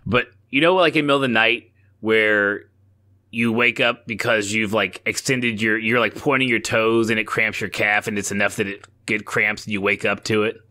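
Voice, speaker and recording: A man with a bright, forceful voice co-hosts a podcast, chatting in a loose, rambling way. He swears freely and gets animated when he tells a story. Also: lowish voice, moderate pace. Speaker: podcast co-host. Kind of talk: casual chat.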